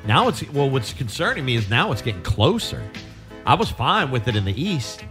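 A man co-hosting a casual podcast, reacting with quick profane banter. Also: mid-range voice, sing-song, fairly bright tone, faint music behind. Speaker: podcast co-host. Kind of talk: casual chat.

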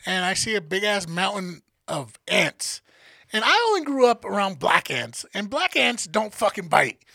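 Male podcast co-host, profane animated storyteller, gravelly bright voice. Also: high voice, normal speed, dry recording. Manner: profane, animated storyteller acting out family members. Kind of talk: casual storytelling.

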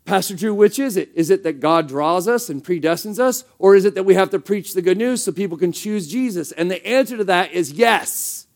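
Male pastor, high voice, casual sermon delivery with emphatic rhetorical questions. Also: animated, brisk, few pauses.

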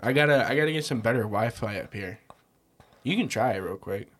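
A man's voice: mid-range voice, animated, a little fast, slightly rough. A young man hosting a podcast, chatting casually with crude jokes. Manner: crude joking banter, mock ASMR whispering. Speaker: podcast host. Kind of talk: casual chat.

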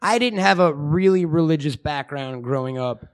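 A man's voice: a little high, moderate pace. A young man co-hosting a podcast, rambling and mocking in crude, swear-filled comic chat. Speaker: podcast co-host.

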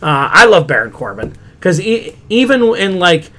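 A man's voice: high-pitched, very animated, normal speed, bright, forceful tone. A man co-hosting a casual wrestling podcast, rambling and retelling stories with lots of "he's like". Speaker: podcast co-host.

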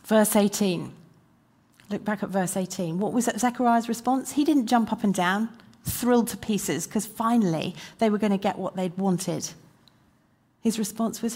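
A woman preaching a sermon, acting out quoted prayers and questions with rising energy, then dropping to a quiet, earnest tone. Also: fairly high pitch, moderate pace. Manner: animated, acts out quoted prayers with rising intensity.

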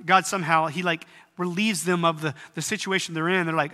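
A man preaching a sermon in earnest tones, rising at times to loud, emphatic peaks. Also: on the high side, steady tone, fairly quick, few pauses, in a large hall. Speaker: pastor.

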